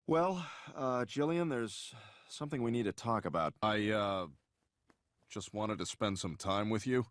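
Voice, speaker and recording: An actor voicing a wry, slightly hesitant talking dog in a cartoon. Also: male voice, on the low side, unhurried, no echo, lightly acted. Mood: awkward. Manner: dry, wry, a bit hesitant. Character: witty talking dog, adult male, wry.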